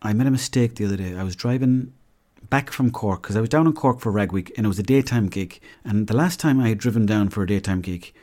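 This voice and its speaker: A man's voice: fairly low pitch, dark tone. A young man with an Irish accent hosting a podcast, telling stories in a rambling, chatty way. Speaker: podcast host. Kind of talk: casual comedic monologue.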